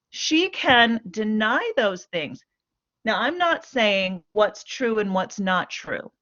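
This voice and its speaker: A woman playing a family therapist in a role-play, coaching slowly and repeating okay. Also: medium pitch, a bit bright. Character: patient female family therapist coaching mother and daughter. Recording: muffled lo-fi recording.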